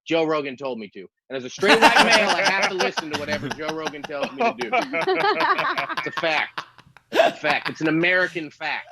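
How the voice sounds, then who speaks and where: A man's voice: fairly high pitch, expressive, quick pace, over a noisy crowd. A man in his thirties doing a rambling, self-mocking stand-up set over a video call, laughing at his own jokes. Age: 30s. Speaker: stand-up comic.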